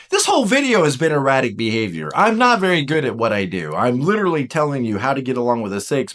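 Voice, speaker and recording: A man teaching in a casual lecture style, animated and jokey, acting out little voices as he goes. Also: medium pitch.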